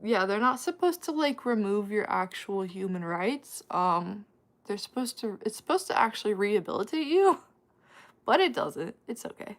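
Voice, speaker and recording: A woman hosting a casual livestream, chatting with her viewers, laughing often and tossing out quick asides. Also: mid-range voice, very animated. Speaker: livestream host answering chat.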